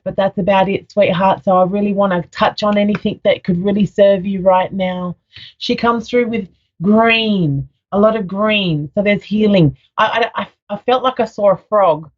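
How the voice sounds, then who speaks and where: A woman's voice: medium pitch, steady tone, moderate pace. Soothing woman psychic, lo-fi audio. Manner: soothing, affectionate, calls caller sweetheart. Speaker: psychic medium. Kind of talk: live radio psychic reading.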